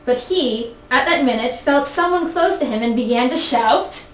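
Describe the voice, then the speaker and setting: A woman's voice: high-pitched, expressive, normal speed. A woman hosting a show, reading a story aloud in a casual, playful way with teasing asides. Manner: playful, teasing, breaks into giggles. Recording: roomy, distant mic, faint noise.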